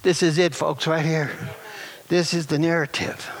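A man preaching a sermon as pastor, animated and emphatic, with rhetorical questions and chuckles. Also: a little high, normal speed.

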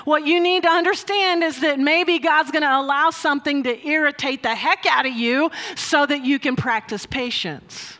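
A woman delivering a sermon at a measured, slow pace, her voice sitting high. She tells stories with frequent laughs and leans into emphatic rises. The sound carries a long reverb. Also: a bit bright. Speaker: preacher. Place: church hall with a mic. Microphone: handheld or stand mic.

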